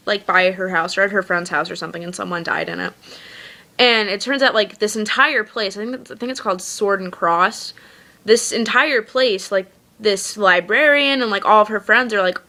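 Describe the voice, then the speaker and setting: A young woman talks straight to her camera in a loose, chatty rant, full of "like" and exasperated asides. Her voice is bright and forward, set at an ordinary middle pitch. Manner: chatty and exasperated, heavy use of "like". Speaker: vlogger. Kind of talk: casual book rant to camera.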